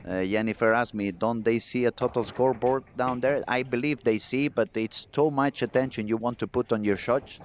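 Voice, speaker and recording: Excitable male bowling commentator. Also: medium pitch, normal speed, few pauses, a little hiss or hum. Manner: chatty, excitable, reads chat messages aloud. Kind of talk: live sports commentary.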